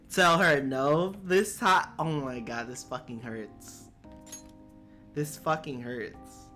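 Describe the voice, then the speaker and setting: Young man streaming games, swearing, bright voice. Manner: swears a lot, pitch jumps up sharply when flustered. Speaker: game streamer. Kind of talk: casual live gameplay commentary.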